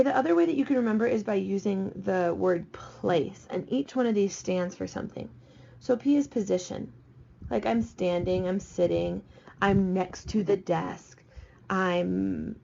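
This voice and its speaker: A woman's voice: medium pitch, creaky, warm tone. A woman teacher talking students through a slide lesson, patient and repeating the key points. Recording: dull lo-fi recording.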